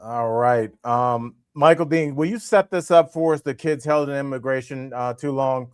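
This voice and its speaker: A man co-hosting a comedy news podcast, riffing in an animated way and laughing at his own jokes. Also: medium pitch, normal speed, clear, resonant tone. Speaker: podcast co-host.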